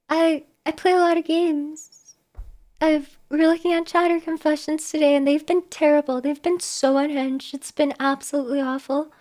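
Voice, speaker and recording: High-voiced animated woman streamer. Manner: animated, exclamatory, mock-exasperated. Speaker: live streamer. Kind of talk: casual live-stream chat.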